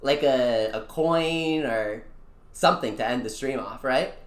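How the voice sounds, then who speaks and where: A young-adult VTuber streamer chatting casually with viewers during a game, excitable and slangy, swinging from low mutters to loud wails. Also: a little slow. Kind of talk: casual live-stream chat over a mobile gacha game. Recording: echoey room.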